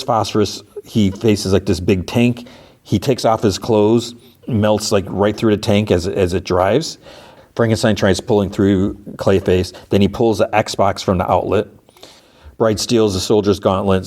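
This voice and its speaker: Deep voiced podcast guy rambling through a show recap, lots of um and like. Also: darkish tone. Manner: rambling, many fillers and restarts. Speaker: podcast host. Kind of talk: casual episode recap.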